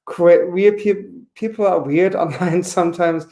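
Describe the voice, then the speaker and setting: A man's voice: high-pitched, fairly even intonation, a little slow, creaky, warm tone. A man in his forties doing a campy, chatty stand-up comedy set online, peppering his talk with "you know". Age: 40s. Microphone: home webcam mic.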